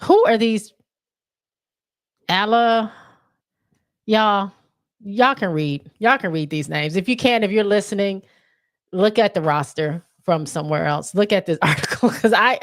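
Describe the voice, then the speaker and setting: A woman's voice: mid-range voice, expressive, normal speed. A woman hosting a casual sports livestream, reading viewer comments aloud and laughing as she stumbles over names. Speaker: livestream host.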